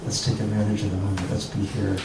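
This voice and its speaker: An older man, a poet, reading poems slowly and repeating each short one, then talking to a group. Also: lowish voice, flat delivery. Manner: slow, measured reading, repeating each haiku twice. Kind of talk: poetry reading and talk to a group. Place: arts center room with an audience. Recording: echoey room, mic far off, noisy.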